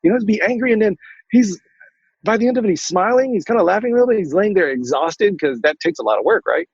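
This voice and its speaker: A man telling a personal story as a podcast guest, fast and lively, acting out the dialogue. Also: high-pitched, slightly rough, no echo, dull audio. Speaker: coaching client and guest.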